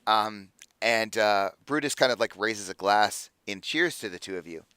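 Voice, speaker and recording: A man's voice: on the low side, normal speed, pushed and bright, clear, resonant tone, no echo. A man narrating a tabletop game as game master, casual and full of filler words. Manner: casual, many fillers, hesitant.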